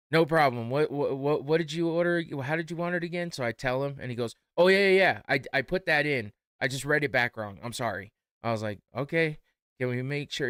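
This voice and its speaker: A tired young man casually telling a story as a podcast host, animated and laughing as he acts out both sides of the exchange. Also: mid-range voice, clean tone, no echo, clean studio sound.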